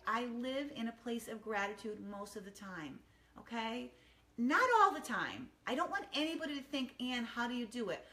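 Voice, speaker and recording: A middle-aged woman chatting casually from her quiet home kitchen, upbeat and rambling with many ums. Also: fairly high pitch. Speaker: wellness vlogger. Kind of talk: casual morning chat to camera.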